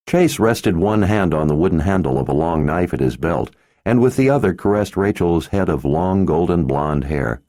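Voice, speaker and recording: A man narrating a fantasy audiobook in an expressive storytelling manner. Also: low-pitched, normal speed, dry recording, studio quality. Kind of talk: scripted narration.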